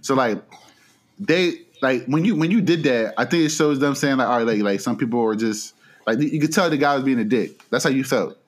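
A man's voice: medium pitch, brisk. A man in casual chat, laid-back and opinionated, who laughs often as he makes his point.

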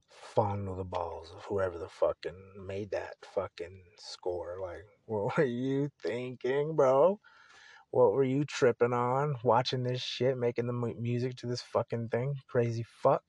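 A man's voice: fairly low pitch, a little mellow, dry recording. A young man hosting a solo podcast, talking casually in a rambling, profane, laid-back way. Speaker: podcast host.

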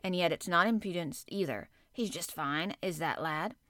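Woman doing a lowered gardener man. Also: moderate pace, pushed and bright, no echo, studio quality. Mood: amused. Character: good-natured middle-aged Yorkshire head gardener man.

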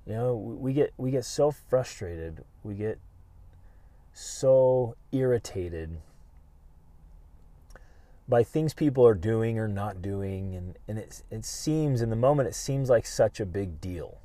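A middle-aged American man telling a personal family story in an earnest, halting way with frequent restarts. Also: fairly low pitch, lively intonation, warm tone, dry recording. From United States. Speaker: podcast co-host.

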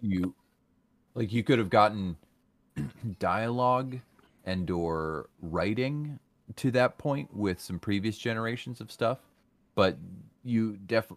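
A man's voice: on the low side, slow, no echo. A man in a casual podcast chat, talking with lots of fillers and restarts. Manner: filler-heavy, many restarts.

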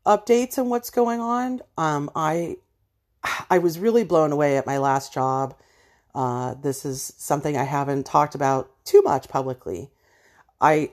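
Low-pitched and slightly mellow, this woman hosts a podcast monologue about personal matters. She talks bluntly and with passion, addressing her listeners directly.

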